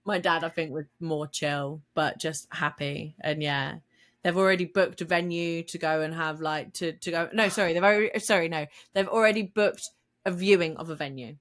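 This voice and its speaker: A woman's voice: sits low, steady tone, normal speed, a bit bright. A woman co-hosting a podcast, telling stories in a casual, chatty way and laughing often. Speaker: podcast co-host. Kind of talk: casual chat.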